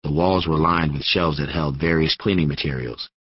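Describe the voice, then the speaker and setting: A man reading an audiobook in steady first-person narration on a studio microphone. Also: rumbling low, moderate pace, husky, no echo, highs cut off. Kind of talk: scripted narration.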